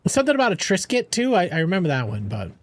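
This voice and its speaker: A playful young man chats with his stream audience while he plays, rambling from joke to joke. His voice sits high. He talks with a lively, swooping lilt. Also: racing. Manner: playful, rambling, answers chat and jokes around. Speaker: game streamer. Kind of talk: casual live-stream chat.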